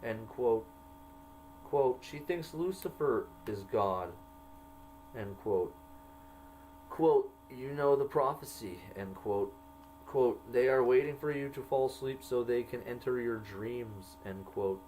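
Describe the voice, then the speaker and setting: A man at a mid pitch reads his own diary entries aloud at an unhurried, deliberate pace. He marks each quoted line aloud with quote and end quote, and a faint electrical hum sits low behind his voice. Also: darkish tone, rough recording. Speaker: narrator reading his own jail journal.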